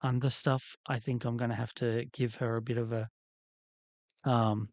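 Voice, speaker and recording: A man's voice: mid-range voice, little pitch movement, moderate pace, darkish tone, no room sound, muffled recording. A man hosting a livestream, chatting casually in a rambling, candid way while he works on a doll. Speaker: livestream host.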